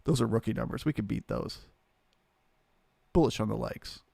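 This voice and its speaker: A man with a mid-range, slightly gravelly voice talks through price levels in an unhurried, conversational way, greeting viewers by name as he goes. The sound is dry and close, with no room echo. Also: medium pitch, darkish tone. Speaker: trading stream host. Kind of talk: live market commentary.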